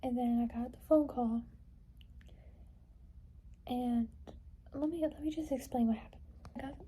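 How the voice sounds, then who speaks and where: In a low-quality recording with slight background noise, a young woman vlogger talks at a measured pace in a warm, fairly high voice with fairly even intonation. Her casual personal vlog is rambling, full of "like" and "you know," as she tries to hold back tears.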